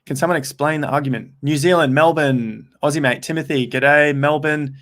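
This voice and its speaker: A man's voice: on the high side, a little fast. A young man hosting a casual livestream, chatting straight to his viewers and reading out their comments in an upbeat, rambling way. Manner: chatty and rambling, with frequent restarts. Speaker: crypto livestream host.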